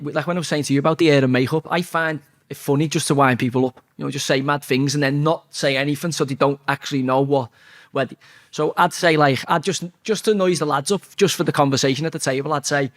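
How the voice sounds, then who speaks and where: A man, telling a football story in a blunt, sweary, animated way during a casual interview. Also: a little high, gravelly.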